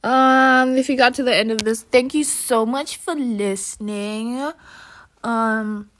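A young woman chats alone for her podcast, recorded on a phone. Her voice sits fairly high, and she rambles in a light, self-mocking way, often breaking into laughter. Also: fairly even intonation, slow, a bit bright, slight background noise. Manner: giggly, chatty, self-mocking. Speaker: podcast host. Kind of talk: casual solo podcast chat.

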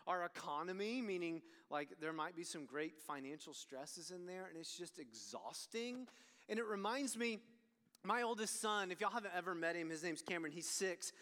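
A man, preaching a sermon as an animated storyteller who swings between loud and hushed. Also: high voice. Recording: long hall reverb.

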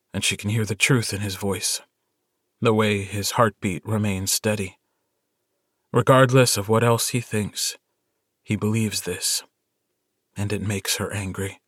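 A man narrating a short story audiobook in a measured, intimate storytelling manner. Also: on the low side, fairly bright tone, dry recording, studio quality. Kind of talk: scripted narration.

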